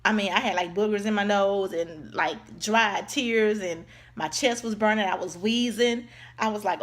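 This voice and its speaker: This vlogger's storytime is casual and animated, delivered in a medium-pitched voice a little on the slow side. She imitates other people's voices and repeatedly calls her audience y'all.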